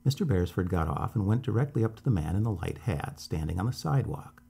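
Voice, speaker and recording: A man calmly reading a story aloud as a bedtime storyteller. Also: sits low, quick pace, vocal fry, slightly rough.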